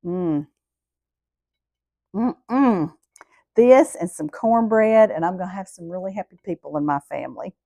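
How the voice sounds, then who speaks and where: A woman's voice: fairly low pitch, expressive, measured pace, pauses often, warm tone, no room sound, clean studio sound. Chatty Southern woman cooking. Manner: homey, chatty, addresses viewers as y'all. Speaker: cooking show host. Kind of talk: casual cooking vlog.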